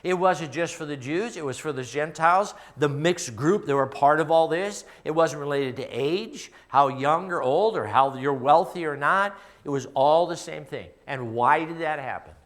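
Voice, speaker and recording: A middle-aged man with a Midwestern American accent preaching a sermon in a church, telling stories in a conversational way and dropping to a hush for personal moments. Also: on the high side, moderate pace, hardly any pauses. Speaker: pastor. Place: church sanctuary.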